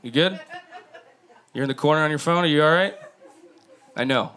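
His voice is fairly high, a bit bright, clear and resonant, delivered at normal speed as he works a crude stand-up set on a comedy club stage, riffing right at the crowd. Laughter from the live club audience fills the background.

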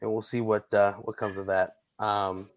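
A man's voice: lowish voice, level tone, normal speed. A man hosting a casual sports podcast, talking in a rambling way with many restarts. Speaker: podcast host.

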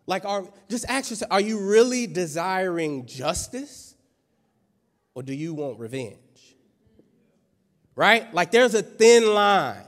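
A man's voice: very high-pitched, big pitch swings, measured pace, fairly bright tone. A male pastor preaching a sermon in a conversational, playful way, with lots of rhetorical questions. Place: church sanctuary. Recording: long church hall reverb.

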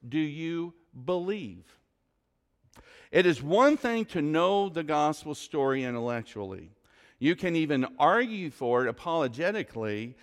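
A male pastor preaching a sermon in a church, emphatic, with rhetorical questions and dramatic pauses. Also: a little high, a bit bright. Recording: long hall reverb.

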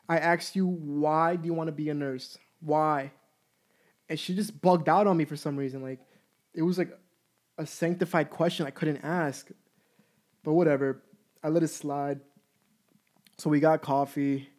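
A man in his twenties telling a story in a casual, candid and profane way, animated as he goes. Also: fairly high pitch, unhurried, long pauses. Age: 20s.

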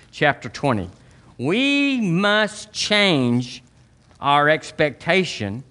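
A man preaching a sermon as pastor, telling folksy stories and acting out quotes in sudden high voices. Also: a bit bright. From Southern US.

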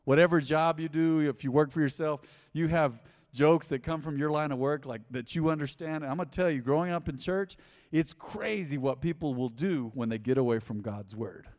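A man's voice: on the high side, normal speed. Man preaching in a reverberant hall. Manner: animated, conversational preaching with repetition. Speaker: pastor. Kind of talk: sermon. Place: church hall.

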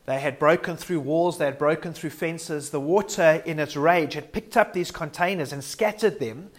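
A man preaching a sermon in an earnest, reflective way, sometimes restarting words mid-sentence. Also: fairly high pitch.

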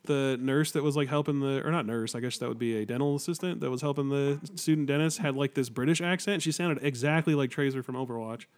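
A man's voice: mid-range voice, fast, hardly any pauses. A young man co-hosting a podcast, telling wry rambling anecdotes in casual chat. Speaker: podcast co-host.

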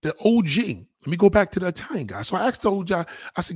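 A man vlogger rants and tells a story in casual, profane slang, loud and animated, swearing constantly and acting out the voices. His voice sits high and husky, he talks fast, and there's no room sound.

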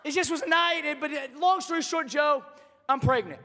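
A nervous young bride-to-be stammers out her news in a very high, bright voice, as a male preacher puts her on. Her halting, sheepish words ring out across a reverberant hall. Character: young engaged woman nervously confessing.

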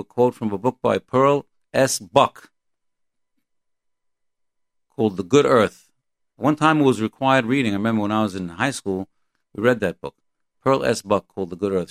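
A Torah teacher gives a lecture in a somewhat low voice, alternating between Hebrew verses and his own explanations. His delivery is halting and repetitive yet earnest and emphatic, recorded dry and close with no echo.

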